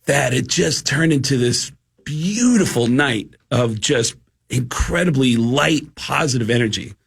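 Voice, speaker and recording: A male comedian telling animated, laugh-filled stories in a podcast chat, with a husky voice. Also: medium pitch, unhurried. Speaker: comedian guest.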